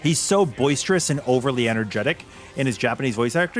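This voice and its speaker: A man's voice: medium pitch, lively intonation, quick pace, few pauses, soft background music. Man, casual stream chat, reactive and opinionated, mid-range voice that moves a lot. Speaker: game streamer.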